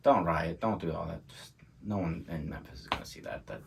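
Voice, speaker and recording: A man's voice: low voice, fairly quick, vocal fry, background noise. A man co-hosting a podcast, talking in a laid-back, casual way and laughing often. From England. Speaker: podcast co-host. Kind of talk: casual chat.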